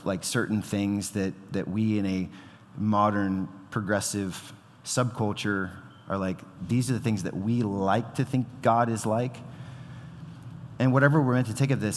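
A man in his thirties preaching a sermon in a conversational, animated way, acting out quoted voices. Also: fairly low pitch. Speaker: pastor. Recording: long hall reverb.

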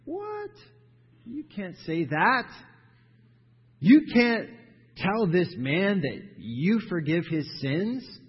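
A man voicing indignant, scandalized religious leaders with a sharp, incredulous outburst, heard with a dull sound and long hall reverb. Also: sits high, very animated, very slow, pauses often, breathy edge, pitched above the performer's own voice, full character voice. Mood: outraged.

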